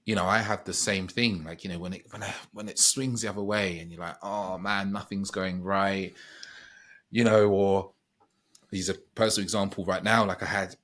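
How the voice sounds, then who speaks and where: A man's voice: deep voice, steady tone, fairly quick, fairly bright tone. A man speaking as a podcast guest, thoughtful and meandering, often restarting his sentences as he reflects. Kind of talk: reflective conversational chat.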